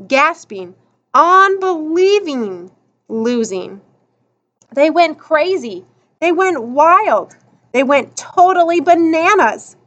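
A woman narrating a children's novel aloud in an expressive storytelling manner. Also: high-pitched, rough recording. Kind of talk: audiobook narration.

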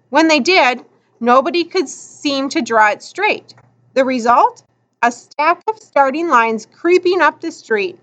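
A woman narrating a children's novel aloud in an expressive storytelling manner. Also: sits high, highs cut off. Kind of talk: audiobook narration.

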